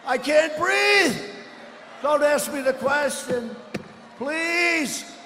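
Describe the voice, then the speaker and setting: A man's voice: extremely high pitch, expressive, very slow, sharp tone, a little hiss or hum, pitched above the performer's own voice, full character voice. A man putting on a whiny, breathless voice as a panicked man choking under questions. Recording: echoey arena with long reverb.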